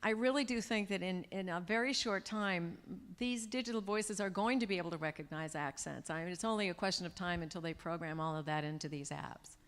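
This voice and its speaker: A woman's voice: on the low side, fairly quick, few pauses. Give me a woman in her sixties telling chatty stories to an audience in a reverberant hall. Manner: chatty, warm storytelling with laughs. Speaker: guest speaker. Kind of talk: Q&A talk to an audience. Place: large event hall. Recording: hall reverb from a live event room.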